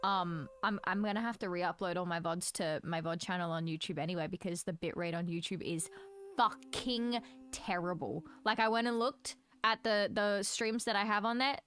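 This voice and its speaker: A young woman streaming live, chatting casually, profane and blunt with loud outbursts. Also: on the low side, normal speed. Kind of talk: casual livestream reaction.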